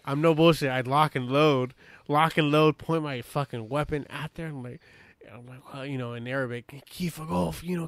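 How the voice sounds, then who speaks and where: A man's voice: medium pitch, dry recording. Laid-back profane man, dry close sound. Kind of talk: casual podcast chat.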